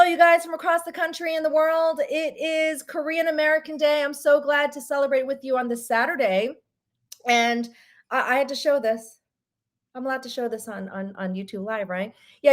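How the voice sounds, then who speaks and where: A woman hosting a live stream show, telling stories in a chatty, animated way. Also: on the high side. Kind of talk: casual live-stream chat.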